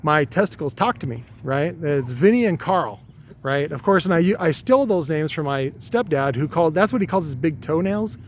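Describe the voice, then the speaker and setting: A man's voice: on the high side, lively intonation, normal speed, slight background noise. A man telling a rambling, crude vlog monologue to his viewers with many fillers. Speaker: vlogger.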